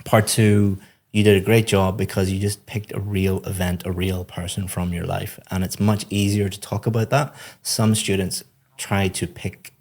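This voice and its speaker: A man with a very deep voice talks through a speaking test result as an English teacher. He explains each point patiently and praises generously in a relaxed podcast style. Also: moderate pace. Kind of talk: podcast feedback.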